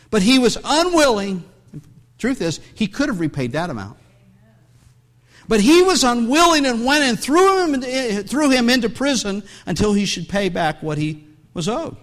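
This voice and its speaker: A man's voice: extremely high pitch, big pitch swings, normal speed, a bit bright. A man preaching a sermon as pastor, reading scripture aloud and breaking into conversational asides, with many restarts.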